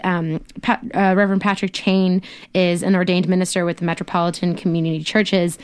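Slightly low-voiced woman guest. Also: clear, resonant tone. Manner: apologetic, tongue-tied at times. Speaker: symposium organizer, guest. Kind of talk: radio interview.

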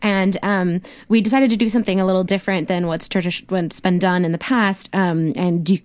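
A woman's voice: on the low side, steady tone, a little fast, hardly any pauses, darkish tone. A woman organizer, a guest on a radio show, explaining a program and sometimes stumbling over her words. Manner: apologetic, tongue-tied at times. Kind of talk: radio interview.

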